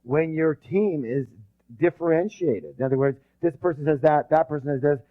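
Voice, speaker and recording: A man giving a live leadership seminar, lively and calling on the audience to answer back. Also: a little high, normal speed, phone-quality sound. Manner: energetic, quizzes the audience with call-and-response.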